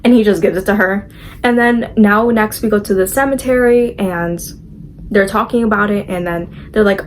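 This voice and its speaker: A young woman casually recapping a movie, chatty and opinionated, with lots of "like" fillers and quick acted-out character lines. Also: mid-range voice, slight background noise.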